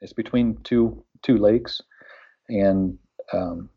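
A man's voice: fairly low pitch, fairly even intonation, slow pace, vocal fry, slightly rough, dull audio. A man from West Virginia chatting casually on a radio show, rambling with lots of fillers and restarts.

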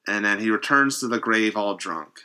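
A man in casual chat, recapping a horror episode in an animated way and acting out quotes. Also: on the low side, normal speed, clean tone. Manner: animated, acts out quotes in varied voices, swears freely.

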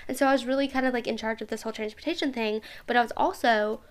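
A woman's voice: a little high, steady tone, very fast, clear, resonant tone. A young woman hosting a podcast, telling a personal story in a chatty way, with many fillers and frequent laughter. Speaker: podcast host. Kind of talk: casual storytelling monologue.

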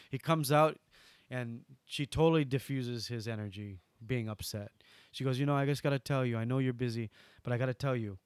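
A man with a Hawaiian accent, a guest in an interview, who tells stories animatedly and swings from loud bursts to soft asides. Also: medium pitch, fairly quick, smooth, no echo, clean studio sound. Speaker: guest entertainer. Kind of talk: storytelling interview.

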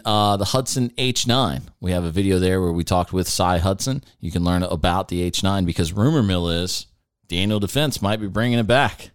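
A man's voice: low voice, dry recording, studio quality. A man hosting a casual talk show, telling stories with energy and acting out the people in them. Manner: animated storyteller who acts out other people's voices. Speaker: podcast host.

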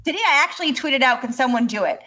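A woman co-hosting a podcast in casual chat, animated and swearing as she rants and laughs. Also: high voice, quick pace. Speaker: podcast co-host.

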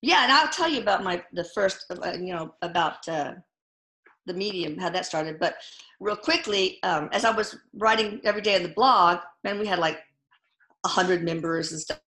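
A middle-aged woman with a bright, forceful voice tells her stories in a casual interview. She stops and restarts often and leans on fillers. The sound is roomy and echoey. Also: fairly low pitch. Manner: halting, full of fillers and restarts. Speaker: guest. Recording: echoey room.

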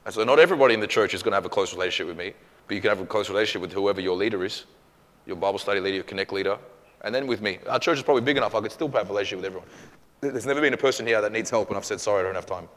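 A lower-voiced man speaking quickly as a pastor takes questions from his church. He talks casually and acts out quotes with energy. His voice rings out in a hall with a long reverb. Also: a bit bright. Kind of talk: church Q&A teaching.

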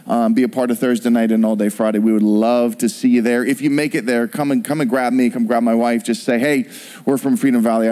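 A middle-aged man preaching a sermon, telling a personal story with animated storytelling and acted-out voices. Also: mid-range voice. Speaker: pastor.

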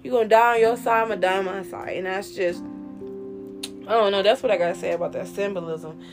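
A woman hosting a casual commentary chat, animated and slangy, ranting and mocking people in quoted voices. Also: mid-range voice, fairly quick, music in the background. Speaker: host.

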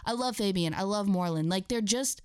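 A woman's voice: medium pitch, fairly quick, clear, resonant tone, no echo, studio quality. A woman co-hosting a sports talk show, chatting casually as an enthusiastic fan. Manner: enthusiastic fan, rambling restarts. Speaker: sports podcast co-host.

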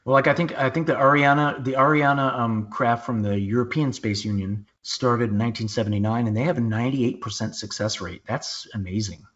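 A man hosting a podcast in casual chat, blunt and quick to swear, often restarting his sentences. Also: medium pitch, a bit bright. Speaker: podcast host. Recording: dull lo-fi podcast audio.

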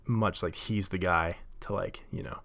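A man's voice: deep voice, steady tone, normal speed, gravelly, fairly bright tone. A man hosting a show, telling a story in a rambling, casual monologue full of fillers and self-corrections. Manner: rambling, lots of likes and self-corrections, laughs often. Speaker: podcast host.

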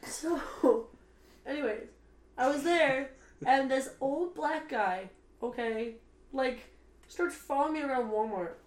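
A woman's voice: high voice, slow pace, darkish tone, roomy sound. A woman on a casual podcast, brash and swearing constantly as she tells stories into a studio mic. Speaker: podcast host. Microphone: studio microphone.

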